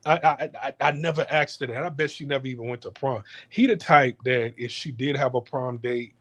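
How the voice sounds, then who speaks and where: A man's voice: mid-range voice, brisk. A man ranting in a casual, heated monologue, swearing often and stumbling over repeated words. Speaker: podcast host. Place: home in Houston.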